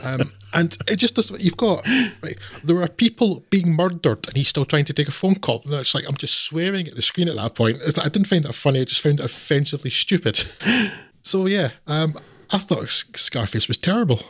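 A man's voice: on the high side, lively intonation, brisk, a bit bright, husky, dry recording. A man co-hosting a film podcast, giving a blunt, scathing review with frequent laughs.

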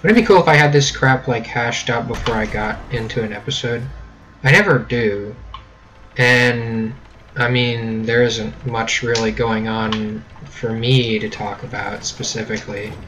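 A man's voice: medium pitch, steady tone, unhurried, a bit bright, rough recording. A young American man casually commenting on his gameplay, joking and rambling, with a faint hum behind him. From United States. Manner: joking, rambling, mock-British catchphrases. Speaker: gameplay video host. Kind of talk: casual let's-play commentary.

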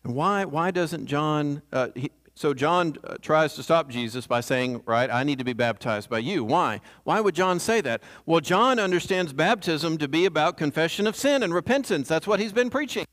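A man's voice: on the high side, expressive, moderate pace, few pauses, fairly bright tone. A man preaching a sermon in a conversational way, often checking in with the congregation. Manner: conversational, asks the congregation "right?".

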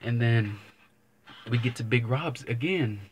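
A young man vlogs a casual story to the camera in a medium-pitched, slightly slow voice over a noisy background. He rambles and swears, and he keeps looping back with "but anyways."

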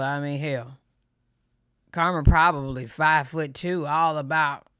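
Low bright woman giving blunt commentary. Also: clear, resonant tone, dry recording, studio quality. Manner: blunt, opinionated, frank. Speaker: reaction channel host. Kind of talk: reaction commentary.

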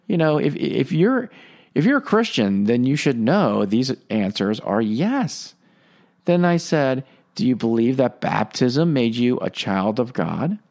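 Animated man giving a faith reflection. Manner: rambling, many fillers, swings pitch up for emphasis. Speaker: podcast host and Catholic teacher. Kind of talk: casual spoken reflection. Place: Franciscan lay member.

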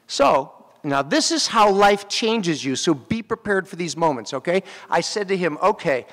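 A man, an actor, giving a graduation speech and telling animated stories straight to the graduates at the ceremony. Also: high voice, moderate pace. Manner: animated storytelling, addressing graduates directly. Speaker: commencement speaker. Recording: long hall reverb.

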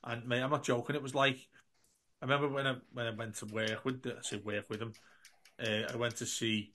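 A man co-hosting a football podcast, telling animated anecdotes, acting out the dialogue and calling everyone mate. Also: medium pitch, brisk, a little hiss or hum. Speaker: podcast co-host. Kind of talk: casual storytelling.

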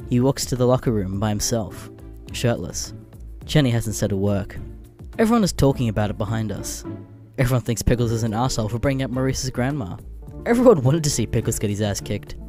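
A man narrating comedic internet stories with crude, deadpan asides, a little under the weather. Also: mid-range voice, brisk, soft background music. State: a bit sick.

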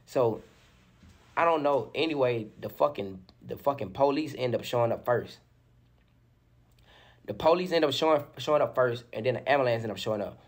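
A young man casually retelling a story in an animated, slangy way, full of fillers. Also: medium pitch, normal speed, pauses often. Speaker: storyteller in a played interview clip.

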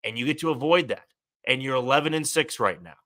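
Podcast host, male, very bright tone, chatty solo commentary with restarts. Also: medium pitch, lively intonation, quick pace. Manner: conversational, thinking aloud with fillers and restarts.

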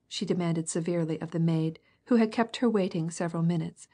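A woman reading a classic novel as an audiobook narrator, measured and even. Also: fairly low pitch, slightly rough. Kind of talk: scripted narration.

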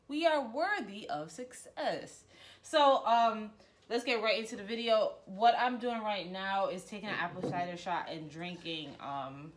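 A young woman vlogging casually, playful and chatty, using lots of slang as she talks to her viewers. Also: on the low side. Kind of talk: casual chat.

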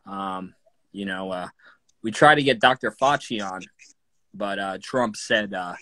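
A man's voice: deep voice, measured pace, no room sound, poor audio. A man hosting a casual live stream, teasing his guest and reacting with laughing disbelief. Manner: incredulous, laughing, deadpan teasing. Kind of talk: casual comedic chat.

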